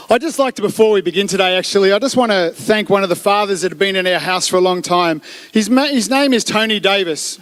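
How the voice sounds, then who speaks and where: A man's voice: sits high, fairly bright tone. A man speaking from a church stage into a microphone, giving a chatty, jokey, upbeat sermon. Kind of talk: casual sermon with jokes. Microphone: handheld or stage mic.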